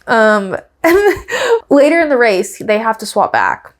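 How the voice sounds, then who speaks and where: A woman's voice: on the high side, wildly swooping pitch, unhurried. A woman hosting a podcast, talking in a casual, chatty, gossipy way. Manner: chatty and gossipy, many fillers, laughs at her own stories. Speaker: podcast host. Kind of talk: casual chat recapping a race.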